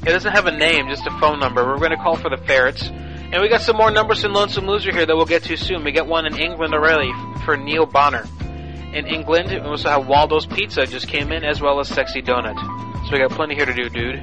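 A man hosting a radio prank-call show, talking in loud, crude, laughing banter. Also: a little high, quick pace, music in the background, rough recording.

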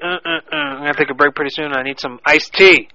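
A man's voice: on the high side, wildly swooping pitch, moderate pace, creaky, dull audio, very noisy. A man hosting a prank call show, joking crudely and swearing as he takes calls. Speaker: host taking calls.

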